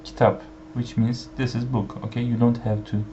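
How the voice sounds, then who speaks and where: A man whose first language is Turkish gives an online language lesson, speaking slowly with many fillers and repeating each example phrase. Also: medium pitch, flat delivery, mellow. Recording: dull lo-fi sound with faint background hiss.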